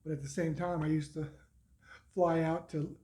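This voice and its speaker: Middle-aged male vlogger, slightly high voice with a soft, mellow tone, loose and rambling, lots of restarts and little chuckles. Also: level tone, moderate pace. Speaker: motorcycle vlogger. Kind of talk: casual spoken recap.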